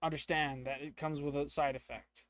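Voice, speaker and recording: A man's voice: a little high, flat delivery, moderate pace, no echo, close to an everyday voice. A man voicing a very old, hunched woman who sells potions, with a shaky attempt at an old-lady accent. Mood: knowing.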